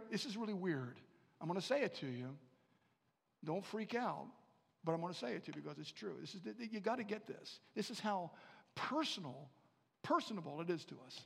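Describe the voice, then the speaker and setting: A high-pitched man preaches a sermon in a church hall, and his words trail off into a long reverb. He moves between quiet, intimate passages and loud, rising calls, and he repeats phrases to drive them home. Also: animated, brisk, gravelly, slightly rough. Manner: swings from hushed to loud preaching. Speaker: pastor.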